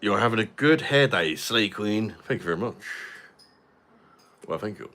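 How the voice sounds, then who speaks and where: A man's voice: fairly low pitch, expressive, moderate pace, fairly bright tone. A man hosting a casual livestream, reading out viewer comments and joking while reviewing a beer. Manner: laid-back, jokey, drinks and reviews beer. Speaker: livestream host. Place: home live stream.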